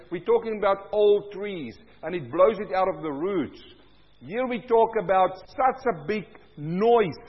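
A man preaching a sermon as pastor, loud and booming, his voice swelling as he reads scripture. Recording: dull, lo-fi sound with long hall reverb.

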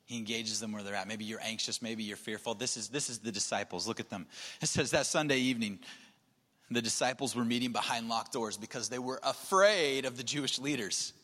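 Bright-voiced preacher in a reverberant hall. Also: male voice, mid-range voice, brisk. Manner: shifts between soft near-whispers and emphatic raised passages. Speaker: pastor. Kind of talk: sermon.

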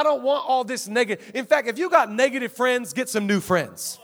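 High-voiced preaching pastor, emphatic. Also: male voice, moderate pace, a faint crowd. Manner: energetic, emphatic preaching with shouted peaks and audience call-outs. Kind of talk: sermon. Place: church auditorium before a live congregation.

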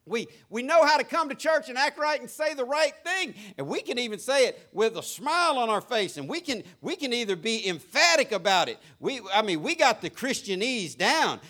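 A man's voice: very high-pitched, big pitch swings, normal speed, few pauses, bright, forceful tone. A middle-aged man, preaching a sermon to his church in an emphatic, plain-spoken way with lots of repetition. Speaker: pastor. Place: church sanctuary.

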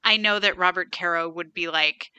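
A woman's voice: lowish voice, steady tone, normal speed, sharp tone, clean tone, dry recording, muffled recording. A woman co-hosting a podcast, chatting casually with lots of "like" fillers. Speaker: podcast co-host. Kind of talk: casual chat.

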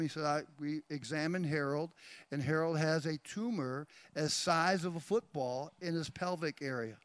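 Older guy pastor, high voice, preaching a story, goes quiet then loud, dry sound. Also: no echo. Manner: animated storytelling, swinging from quiet to loud bursts. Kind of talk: sermon testimony.

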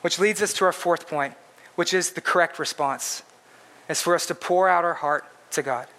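A man's voice: on the high side, moderate pace, pushed and bright. A man preaching a sermon in an earnest, emphatic way, repeating his points for stress. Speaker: pastor.

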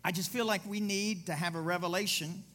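A man's voice: high-pitched, steady tone, fairly quick, bright, forceful tone. A middle-aged man pastor preaching a sermon with a personal story, rambling and digressive, repeating himself for emphasis.

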